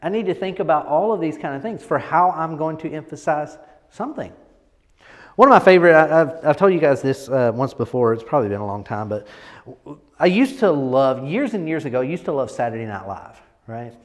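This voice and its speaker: Man, presentation coach, casual emphatic talk, slightly high voice, reverberant room. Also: lively intonation, brisk. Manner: emphatic, repeats words, lots of "right?".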